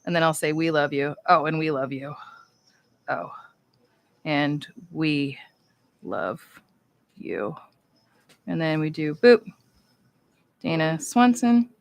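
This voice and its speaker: A woman's voice: sits low, a little slow, long pauses, smooth, no echo. A woman chatting casually and playfully on a livestream as she signs cards, rambling as she writes. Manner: chatty, rambling, talks while writing; playful and upbeat. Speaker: voice actress signing cards on a livestream.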